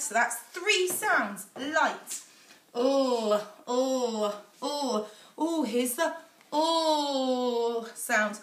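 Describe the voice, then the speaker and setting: A woman with an English accent teaching a phonics lesson to young children, sounding out letters in a sing-song, drawn-out way. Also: sits high, animated, fairly bright tone. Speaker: infant school teacher. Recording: echoey room, voice a little far from the mic.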